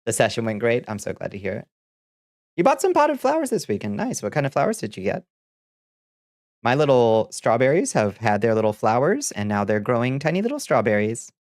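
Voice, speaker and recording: A VTuber host from the Southern United States chats easily with viewers on a casual livestream, reading chat aloud, laughing often, and trailing off before restarting. His stuffy, blocked-nose voice is middling in pitch but swoops wildly, fairly quick and a little mellow. It's recorded dry and close on a home desk mic with no room echo.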